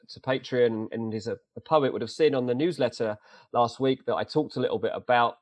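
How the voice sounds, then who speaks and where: Man in his thirties, podcast co-host, animated and joking, mid-pitched, dry close mic. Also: dry recording. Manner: animated storyteller, joking asides. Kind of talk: casual chat.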